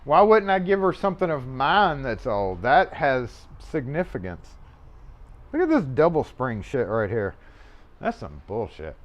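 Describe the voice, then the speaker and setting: Unhurried and medium-pitched, a man's voice swoops wildly as he hosts a casual locksmith livestream from his shop on a mobile mic. He rambles offhand chat while working on a lock, swearing and chuckling now and then.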